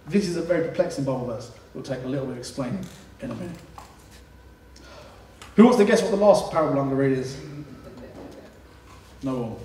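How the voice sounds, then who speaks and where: A man preaching a sermon, telling the story in an animated way with casual asides. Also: a little high. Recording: echoey room, distant mic.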